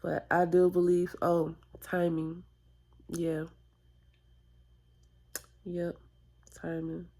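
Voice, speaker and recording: A tearful woman vlogging a personal confession, halting and reflective, with sighs and whispered asides. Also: lowish voice, completely flat delivery, dark tone. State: tearful, close to crying.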